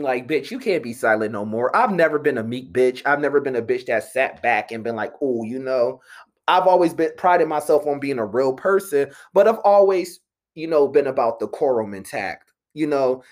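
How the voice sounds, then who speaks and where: A young man in an animated, profane, exasperated rant, slipping into mocking voices. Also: mid-range voice. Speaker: commentator. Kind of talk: ranting monologue.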